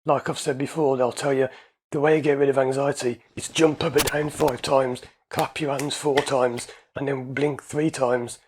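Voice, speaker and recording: A man's voice: medium pitch, level tone, normal speed, darkish tone, slight background noise. A man, an anxiety coach and hypnotherapist, explaining his ideas in a casual, conversational way and repeating his points.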